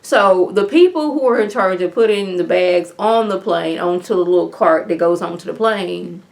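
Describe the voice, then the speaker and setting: A woman's voice: lowish voice, normal speed, vocal fry. Chatty woman recapping a TV episode. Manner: chatty, animated retelling with lots of "like". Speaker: TV episode reviewer. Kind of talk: casual recap vlog.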